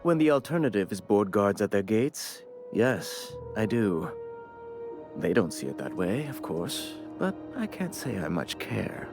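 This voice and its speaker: A man's voice: on the low side, big pitch swings, unhurried. An actor voicing a fussy, condescending male corporate bureaucrat in a video game, with a prim, theatrical delivery. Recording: soft game music behind.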